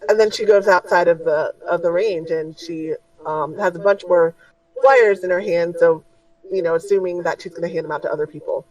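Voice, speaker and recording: A woman's voice: on the low side, steady tone, fairly quick, a little mellow, distant mic, rough recording. A woman running a tabletop game as game master, narrating casually with lots of ums and likes. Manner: casual, with many fillers.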